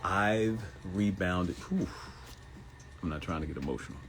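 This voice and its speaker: A man in his fifties hosting a live morning show, giving a motivational monologue that repeats phrases and jumps into high mock voices for quotes. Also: animated, measured pace, a little hiss or hum. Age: 50s.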